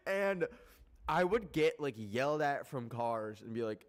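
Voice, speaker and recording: A young man from Canada, a streamer ranting casually to his live chat, animated and rambling, full of swearing and filler words. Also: medium pitch, measured pace.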